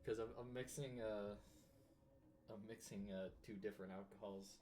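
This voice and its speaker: A man's voice: fairly low pitch, fairly even intonation, moderate pace, noisy background. A man playing a tabletop game over a headset, chatting casually and joking with the group. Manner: joking, laughs often. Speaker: player.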